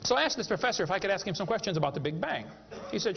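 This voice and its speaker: A man's voice: high voice, very animated, rapid-fire, vocal fry, faint music behind. A man giving a humorous lecture to a live audience, a folksy, joking storyteller. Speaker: creationist speaker. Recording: echoey hall, dull lo-fi sound.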